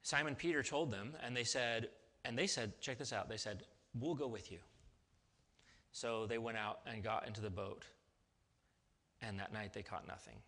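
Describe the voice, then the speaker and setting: A male pastor delivers a sermon with a bright, forceful tone. He talks in a loose, conversational way and keeps checking in with his listeners. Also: lowish voice, moderate pace.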